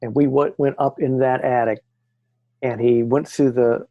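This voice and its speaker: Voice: mid-range voice, measured pace, no echo, narrow, tinny audio. A guest on an interview show telling first-hand haunting stories, acting out the voices of the people and the recordings. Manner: animated, acts out quoted voices, frequent restarts. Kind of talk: conversational storytelling interview.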